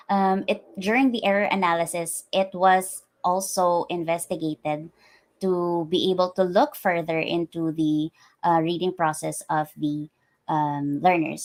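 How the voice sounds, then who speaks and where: A woman presenting her research in a lecture, explaining carefully with frequent ums and uhs. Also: on the low side. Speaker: academic presenter.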